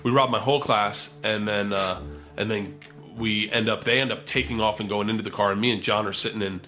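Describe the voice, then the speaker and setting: A man telling a long story in casual podcast talk, animated and profane, acting out what people said. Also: on the low side, brisk, faint music behind. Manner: animated, profane, acts out quotes.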